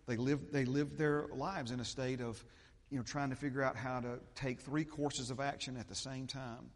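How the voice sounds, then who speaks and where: Preaching man in an echoing hall. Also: normal speed. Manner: preaching, swings between loud fervent peaks and low steady teaching. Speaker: pastor. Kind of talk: sermon. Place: church sanctuary.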